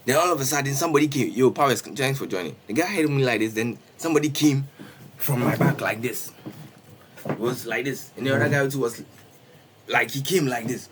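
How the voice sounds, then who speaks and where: Young man, streamer, lively casual storyteller, repeats himself, slangy. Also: mid-range voice, brisk, background noise. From Ghana. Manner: animated, repetitive, peppers talk with "bro" and "Charlie".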